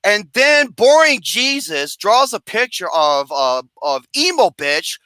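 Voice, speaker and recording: This is a host in the middle of a comedic review rant, cursing freely and laughing at their own jabs. Their pitch leaps around constantly, and the tone is bright and cutting. The recording is dry and close. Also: takes it slowly, no room sound. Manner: animated, laughing, swearing, sarcastic.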